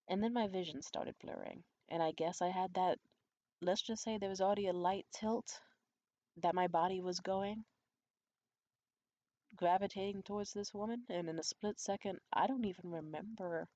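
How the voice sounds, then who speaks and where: A young adult woman vlogger telling a candid, profane story in a conspiratorial way. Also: normal speed. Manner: acts out quoted voices high and loud. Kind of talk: storytime vlog.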